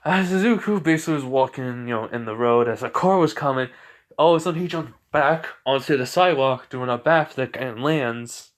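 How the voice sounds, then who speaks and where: A man casually improvising a fan story, rambling with many fillers and restarts, just up from a nap. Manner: rambling, full of fillers and restarts, quick pitch jumps for dialogue. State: drowsy, just woke from a nap.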